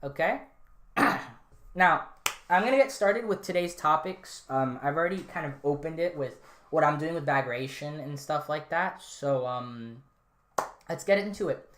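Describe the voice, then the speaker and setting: A woman's voice: low voice, lively intonation, measured pace, a bit bright, a little hiss or hum. A woman hosting a casual solo podcast, rambling and offhand with lots of fillers and restarts. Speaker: podcast host. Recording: roomy, echoey room.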